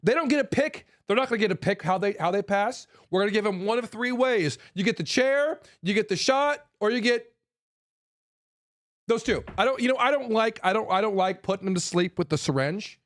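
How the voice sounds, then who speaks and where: A host with a fairly high, animated voice delivers a heated rant a little fast, getting more fired up and forceful as he goes. He speaks bluntly and profanely, hammers on repeated phrases, and trips into restarts.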